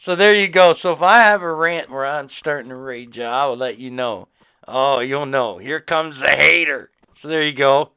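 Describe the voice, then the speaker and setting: A man's voice: mid-range voice, normal speed, smooth. A man co-hosting a podcast, boisterous and profane, laughing often and ranting in casual banter. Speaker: podcast co-host. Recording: tinny lo-fi recording.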